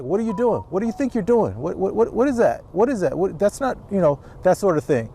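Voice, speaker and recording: This channel host, a middle-aged owner of a youth sports business, films a casual vlog outside and talks to camera with plenty of rambling, restarts and acted-out quotes. His warm voice sits on the high side, with slight background noise.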